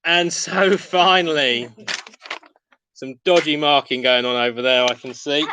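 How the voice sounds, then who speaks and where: A man's voice: fairly high pitch, measured pace, bright, forceful tone, slight background noise, rough recording. A man hosting an online pub quiz, reading questions and answers with chatty, self-mocking asides. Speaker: quiz host.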